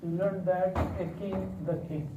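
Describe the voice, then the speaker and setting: Guy teaching arabic to a class, slow patient drilling, quizzes everyone, dull roomy far-off sound. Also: sits high, flat delivery, background noise. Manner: patient, repeats words slowly and quizzes the class. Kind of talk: classroom language lesson. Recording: echoey dull room sound from a distance.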